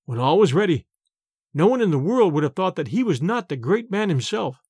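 Lively high-voiced man reading a story. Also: husky, dry recording, clean studio sound. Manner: expressive, measured reading. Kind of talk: scripted storybook narration.

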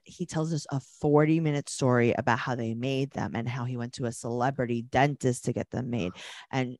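A woman co-hosting a casual podcast, recapping a reality show with sarcastic, animated retellings. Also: extremely low pitch, moderate pace, no echo, studio quality. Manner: animated, sarcastic, acts out quotes. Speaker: podcast co-host.

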